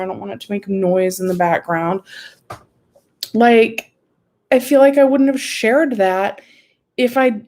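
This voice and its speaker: This woman's voice is fairly high and slightly mellow. She's hosting a livestream from a room in her home, talking into her computer mic, frustrated, rambling, and close to crying.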